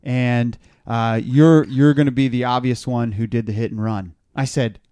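A man's voice: medium pitch, steady tone, moderate pace, dark tone, clear, resonant tone, no echo. Man, podcast host, rambling, stammering, casual chat, dry close mic. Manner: rambling, stammering, repeats words.

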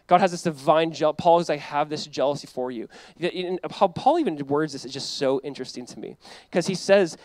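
A man's voice: on the high side, animated, normal speed, dry recording. A male pastor preaching a sermon in a conversational way, full of asides and acted-out quotes. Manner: conversational preaching, acts out quoted voices, frequent "like".

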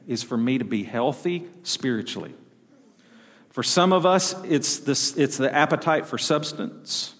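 A man's voice: medium pitch, lively intonation, moderate pace. A middle-aged man with a Southern US accent, preaching a sermon with folksy stories and call-and-response to his congregation. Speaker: pastor. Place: church sanctuary. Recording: long reverb of a church hall.

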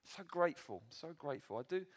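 A man delivers a sermon to a church meeting. His voice sits high and leaps around with lively intonation. He pokes fun at himself and laughs easily along the way. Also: quick pace. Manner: animated, self-deprecating, laughs often. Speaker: preacher.

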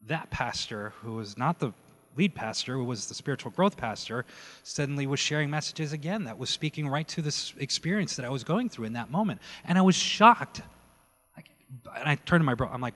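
A man preaching his personal testimony, telling the story with animated energy and acting out quoted dialogue. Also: medium pitch, moderate pace. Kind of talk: testimony sermon. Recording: long hall reverb.

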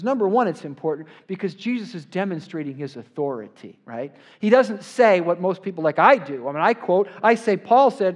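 A man preaching a sermon to a congregation in a church, getting louder and more forceful on the scripture he quotes and often checking in with "right?". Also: high voice. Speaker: pastor. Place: church sanctuary before a congregation.

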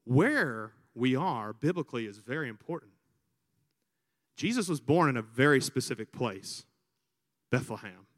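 A man from Alabama with a Southern American accent, a priest preaching a sermon and telling stories with lively crowd imitations. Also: medium pitch, measured pace, pauses often, long reverb tail. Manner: animated storyteller, imitates crowds. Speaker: priest, vocation director. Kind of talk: sermon with storytelling.

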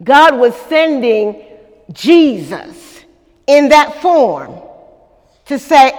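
A woman's voice: high voice, animated, slow pace, big-room sound. A woman pastor preaching a sermon at a church service, with dramatic call-and-response to the congregation.

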